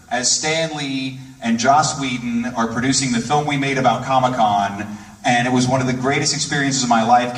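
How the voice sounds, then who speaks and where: A man on stage at a live tribute event, telling a gushing, excitable anecdote in quick bursts. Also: on the high side. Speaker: guest speaker on stage. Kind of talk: enthusiastic storytelling anecdote. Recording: echoey theater from a distant mic.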